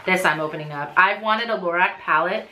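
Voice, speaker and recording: Gushing, bright-voiced woman beauty vlogger. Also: fairly low pitch, brisk, a little hiss or hum. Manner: gushing, excitable, frequent gasps. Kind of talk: casual unboxing vlog.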